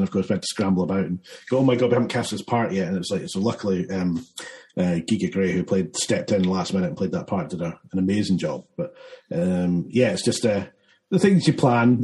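Man, filmmaker guest, low warm voice, loose rambling delivery. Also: rough recording. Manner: rambling, many fillers and restarts, laughs often. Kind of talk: casual interview chat.

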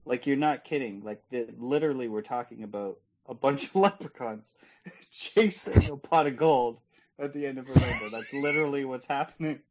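A man's voice: medium pitch, wildly swooping pitch, darkish tone, muffled recording. A man chatting as co-host of a movie review podcast, hesitant and restarting his sentences. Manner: slow, hesitant, full of restarts. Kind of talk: casual movie review chat.

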